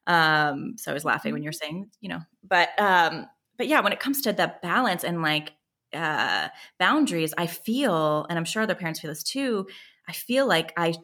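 A woman's voice: on the low side, animated, moderate pace, a bit bright. A woman host and parent speaking candidly and self-reflectively in a casual chat, laughing easily.

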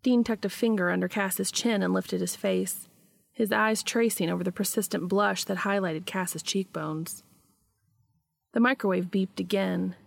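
A woman reading fan fiction aloud in a steady, even storytelling manner. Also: mid-range voice, gravelly.

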